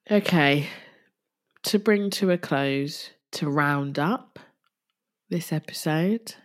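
Tearful low-voiced woman. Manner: halting, with restarts and soft trailing sighs. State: tearful, crying at times. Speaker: podcast host. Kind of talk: tearful personal podcast monologue.

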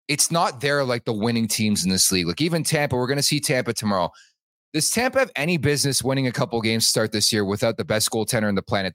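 A man's voice: medium pitch, a bit bright, no echo. A man hosting a sports podcast in casual chat, leaning on "like" as a filler and swearing casually. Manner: loose, leans on "like", swears casually. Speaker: podcast host.

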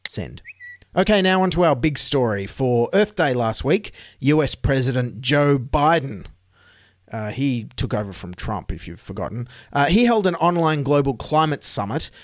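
A man's voice: mid-range voice, animated, normal speed, no room sound, clean studio sound. Sarcastic Australian man hosting comedy news. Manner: sarcastic, wry asides. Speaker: comedy news podcast host. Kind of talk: satirical news commentary.

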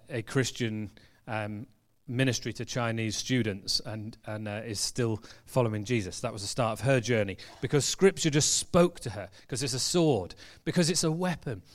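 A man preaches a sermon in a church hall. His pitch sits in a middle range, and he tells stories in a relaxed, conversational way, full of restarts and fillers. He speeds up and slows down as he goes. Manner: conversational storytelling, animated, frequent restarts and fillers. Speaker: pastor.

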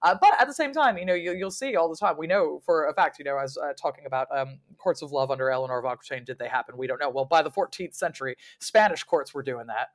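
A woman appears as a guest historian in a relaxed podcast chat, sounding lively and wry. She laughs a lot and imitates people's voices when quoting them. Her voice is low, and she talks quickly with hardly any pauses.

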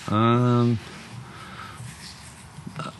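A man's voice: mid-range voice, completely flat delivery, very slow, slight background noise. A middle-aged man, bluntly telling his story with swearing and laughter. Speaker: co-host. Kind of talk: candid conversational podcast.

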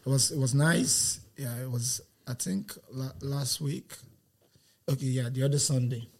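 A man's voice: medium pitch, measured pace, creaky. A man, a comedian guest in a casual podcast chat, joking and laughing often.

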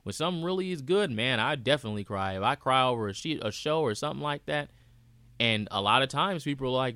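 A man's voice: medium pitch, lively intonation, fast, pushed and bright, clear, resonant tone, dry recording. A man speaking as host in a reflective personal monologue, earnest and repeating phrases for emphasis.

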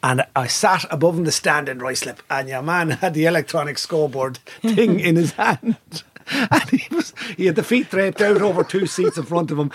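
A man's voice: on the high side, animated, moderate pace, breathy edge, dry recording. An Irish man telling rambling, sweary anecdotes in a casual chat, laughing as he goes. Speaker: storyteller in group chat.

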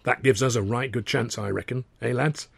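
A man's voice: mid-range voice, normal speed, gravelly, husky, dry recording. A man voicing a cool, persuasive male footballer.

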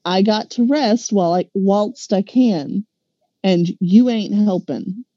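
A sulky young boy with a growl in his voice, grumbling that he only wants to sleep, put on by a woman reading aloud. The sound is mellow and muffled, with a dry, close feel like a storybook read at home. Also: mid-range voice, slow pace, no echo. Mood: grumpy.

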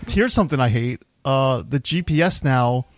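A man's voice: mid-range voice, expressive, moderate pace. A man co-hosting a casual podcast, telling stories with lots of "like" fillers. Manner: storytelling, filler-heavy with frequent "like". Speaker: podcast co-host. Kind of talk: casual chat.

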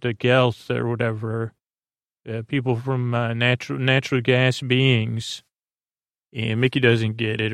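Brief: male podcast host, gravelly low-mid voice, loose rambling recap, dry close sound. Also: no echo. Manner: rambling, many fillers and self-corrections. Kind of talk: casual episode recap.

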